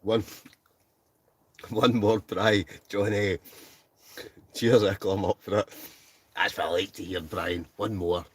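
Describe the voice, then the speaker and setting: A man's voice: deep voice, fairly even intonation, unhurried, long pauses, slightly rough, dry recording. A Scottish man hosting a casual livestream from his tent, chatting, laughing and reading out viewer comments. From Scotland. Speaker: livestream host. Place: inside a tent.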